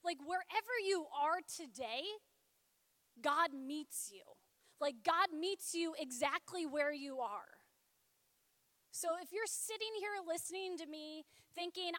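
A woman giving a Catholic youth talk, telling a personal story in a lively, chatty way with lots of "like". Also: extremely high pitch, takes it slowly, no echo. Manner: lively and chatty, frequent filler "like". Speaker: speaker at a Catholic youth event.

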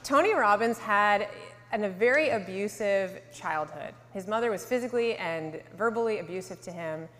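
A woman in her thirties from Connecticut telling her faith story to a live audience, earnest, sometimes dropping to a soft hush. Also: mid-range voice, moderate pace. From Connecticut, USA. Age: 30s. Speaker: speaker giving a testimony. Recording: hall reverb.

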